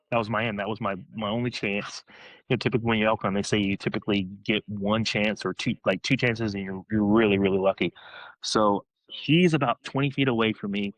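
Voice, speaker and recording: A man with a fairly low voice tells a story in casual podcast talk, excited and rambling. He keeps restarting his sentences as the details spill out. The sound is dry and close, with little room echo. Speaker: guest hunter telling his story.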